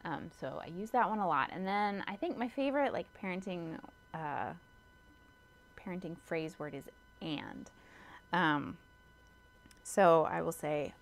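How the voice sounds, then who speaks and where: A woman's voice: on the low side, animated, measured pace, gravelly, pauses often. A woman in her thirties, a mother of many, chatting casually in a Q&A, full of ums and little laughs. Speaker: vlogger and homeschooling mother. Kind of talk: casual Q&A chat.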